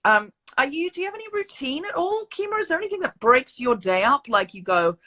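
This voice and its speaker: A woman's voice: sits high, big pitch swings, fairly quick, bright, forceful tone. A woman podcast host with an accent between British and Australian, asking questions in a playful, teasing chat. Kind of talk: casual interview chat.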